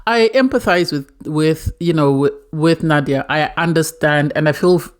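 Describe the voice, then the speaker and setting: A woman's voice: low-pitched, normal speed. A woman reviewing a reality TV episode in a casual, emotional way, often repeating herself as she talks. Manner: emotional, earnest, repeats words.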